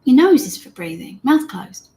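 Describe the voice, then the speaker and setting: A woman teaching meditation in a gentle, chatty way, talking straight to her viewers and reading their comments aloud. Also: high-pitched, very animated, moderate pace. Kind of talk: live-streamed guided meditation lesson.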